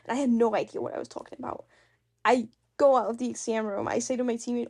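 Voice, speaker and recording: A woman speaking English as a second language, telling a personal story in a casual, animated, self-mocking way with frequent laughs. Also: high-pitched, brisk, vocal fry. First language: not English.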